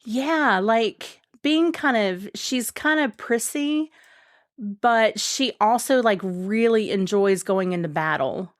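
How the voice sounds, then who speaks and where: A woman's voice: fairly high pitch, slow pace. A woman guest on a podcast, chatting casually and enthusiastically, rambling with lots of fillers and restarts.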